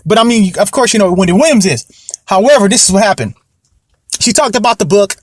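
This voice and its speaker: A man's voice: sits high, expressive, quick pace, breathy edge, dry recording, clean studio sound. A young man hosting a casual commentary podcast, rambling and repeating himself, often asking if you know what he means. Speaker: podcast host.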